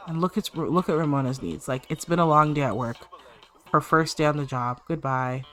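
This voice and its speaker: A woman's voice: low-pitched, moderate pace, a bit bright, faint music behind. A woman hosting a let's-play, chatting through her life-sim gameplay and talking straight to her game characters. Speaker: gaming channel host.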